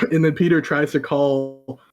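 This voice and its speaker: A man co-hosting a podcast, adding comic plot details in a halting, filler-heavy way. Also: fairly high pitch, little pitch movement, highs cut off. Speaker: podcast co-host. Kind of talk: casual chat recapping a comic. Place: podcast recording setup. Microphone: podcast microphone.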